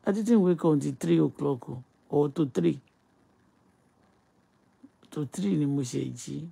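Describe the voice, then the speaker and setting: A woman's voice: sits low, measured pace, gravelly, warm tone, slightly rough. A woman from Nigeria with a Yoruba-tinged Nigerian accent, talking on a phone live stream in an emphatic, repetitive way. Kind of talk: casual live-stream talk and prayer.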